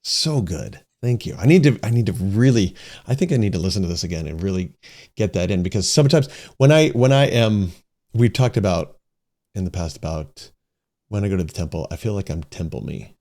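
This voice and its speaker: A man's voice: deep voice, lively intonation, fairly quick, warm tone. A man co-hosting a podcast, talking in an easygoing, reflective way and laughing easily. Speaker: podcast co-host. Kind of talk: casual chat.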